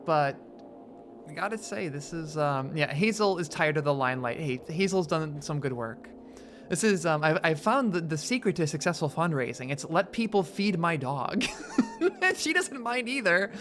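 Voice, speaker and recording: A woman chatting casually on a live stream, excitable and swearing freely, cooing at her dog between thank-yous. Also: sits low, normal speed, soft background music.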